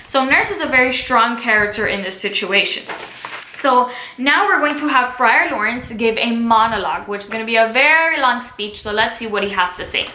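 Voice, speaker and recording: A woman teacher explains a play in a chatty, casual way and retells it in slang. Her voice is bright and forceful, pitched a little high. The room gives it a noticeable echo. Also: moderate pace. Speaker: literature teacher. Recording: echoey room.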